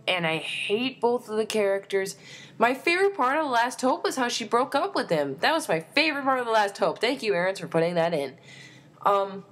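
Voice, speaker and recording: A young woman vlogging a fan opinion rant, excitable and exasperated, with lots of fillers. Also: a little high, a little fast.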